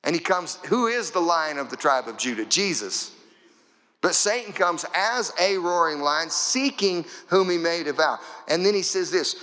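A man preaching a sermon in a church, his slightly high voice bright and forceful. He drives his points home with rhythmic, repeated phrases. The sound rings with the long reverb of a large hall. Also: expressive, moderate pace. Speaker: pastor.

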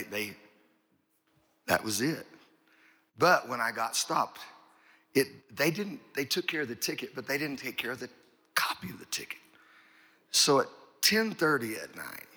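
Gravelly-voiced middle-aged pastor, folksy. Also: male voice, mid-range voice, bright, forceful tone. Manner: folksy, rambling, repeats words and says "you know". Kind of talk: storytelling sermon.

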